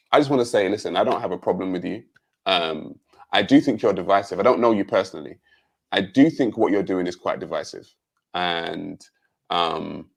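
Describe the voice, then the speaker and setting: Deep gravelly British man. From Jamaica. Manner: measured, pointed, many um fillers. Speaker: panel guest. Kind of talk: livestream debate rebuttal.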